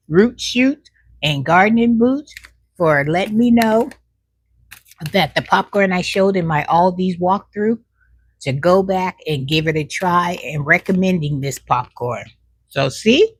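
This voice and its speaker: A woman tastes snacks in a relaxed, folksy chat, speaking mid-chew and humming at length over what she eats, with "child" thrown in as an aside. Her voice is fairly low and husky, and there's no room sound.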